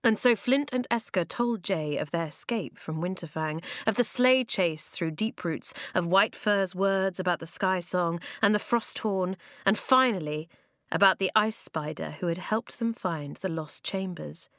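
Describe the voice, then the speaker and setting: A woman reads a children's storybook aloud in a measured, expressive way. Her voice sits on the low side for a woman. The recording is close and dry, without room echo. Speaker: audiobook narrator. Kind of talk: scripted narration.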